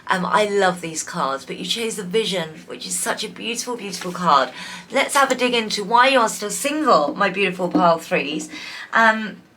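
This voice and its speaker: A woman's voice: mid-range voice, expressive, normal speed, sharp tone, a little hiss or hum. A woman giving a casual, affectionate tarot reading, chatty and full of fillers. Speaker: tarot reader.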